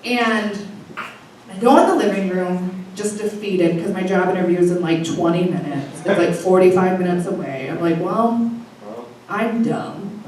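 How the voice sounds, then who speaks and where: A woman's voice: lowish voice, fairly even intonation, normal speed, a little mellow. A young woman telling a funny, profane personal story to a live audience, laughing as she goes. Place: live stage before an audience. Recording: echoey hall from far off, faint noise.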